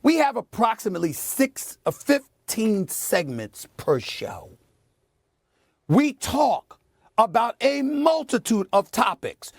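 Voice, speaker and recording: A middle-aged man hosting a sports debate show, making his point with forceful, preachy repetition in a TV studio. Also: very high-pitched, big pitch swings, slow pace, no room sound. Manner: emphatic and preachy, repeats phrases for effect. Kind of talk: heated on-air sports commentary.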